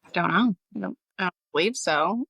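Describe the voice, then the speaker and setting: A woman's voice: lowish voice, animated, fairly quick, gravelly, bright, forceful tone, breathy edge, no room sound. A woman co-hosting a casual book-club podcast, teasing and enthusiastic. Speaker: podcast co-host.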